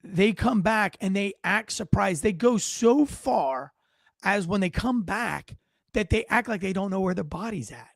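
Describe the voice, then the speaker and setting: Ex-cop guy doing blunt profane commentary, gravelly fry, kinda high voice. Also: animated, measured pace, no echo, studio quality. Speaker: former police officer commenting on videos. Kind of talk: video commentary.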